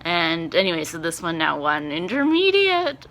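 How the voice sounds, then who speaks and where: A young woman, vlogging in a casual, rambling chat that is full of fillers and easily excited. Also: mid-range voice, unhurried, hardly any pauses. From Canada. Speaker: vlogger and performance teacher.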